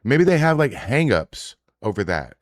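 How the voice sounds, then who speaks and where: A very animated man with a mid-range voice hosts a casual stream reacting to social media posts, speaking a little slowly. His commentary is profane, rambling and peppered with indignant asides, captured in a dry, clean studio recording.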